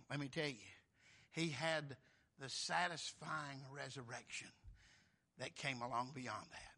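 High, bright preacher in full cry. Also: male voice. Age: older. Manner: swings from low murmurs to shouted high exclamations. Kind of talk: sermon.

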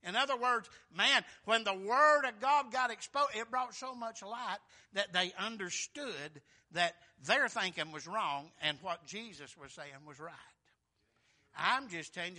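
A man preaching a sermon in a folksy, emphatic way, swinging between loud and soft. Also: high voice, measured pace.

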